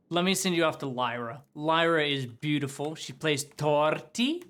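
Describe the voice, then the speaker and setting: A young man streaming from home, signing off after a role-play session in an excitable, sweary, laughing way. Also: a little high, unhurried. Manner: excitable, swears a lot, laughs between lines. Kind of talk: casual sign-off chat to stream chat.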